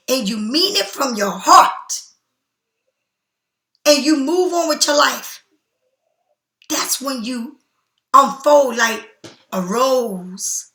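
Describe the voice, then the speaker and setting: High bright woman reading tarot. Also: lively intonation, slow, pauses often, reverberant. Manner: repetitive, emphatic, spiritual encouragement, addresses viewer directly. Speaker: tarot card reader. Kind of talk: casual tarot reading to camera.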